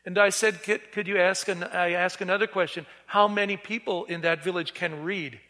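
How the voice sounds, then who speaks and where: Preaching earnestly, this man tells a story and imitates the voices of the people he quotes. His high-pitched voice is bright and forceful, moving at normal speed with fairly even intonation, and the hall around him is reverberant.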